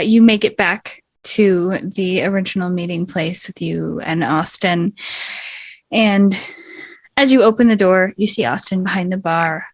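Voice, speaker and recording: A woman's voice: medium pitch, no echo. A woman narrating a tabletop game as game master, descriptive, with fillers.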